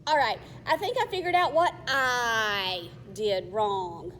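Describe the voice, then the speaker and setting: Lady doing a bossy little girl, prim, kinda high, faint hiss. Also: sing-song, moderate pace. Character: young girl, twin, bossy and proud. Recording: faint long reverb, faint hiss.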